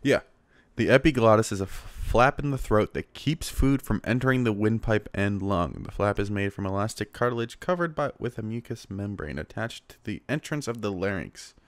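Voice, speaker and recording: Low-voiced young man rambling on a podcast. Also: normal speed, no room sound. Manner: rambling, filler-heavy, self-deprecating. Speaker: podcast host. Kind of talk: casual solo podcast monologue. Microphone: small handheld recorder.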